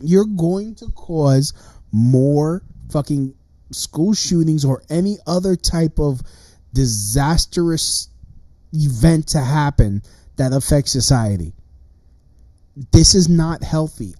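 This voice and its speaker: Thirties male streamer, dark, unhurried voice, cursing and agitated in a solo rant. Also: on the high side, dry recording. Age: 30s. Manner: profane, agitated ranting with many restarts. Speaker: livestream host. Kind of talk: ranting livestream monologue.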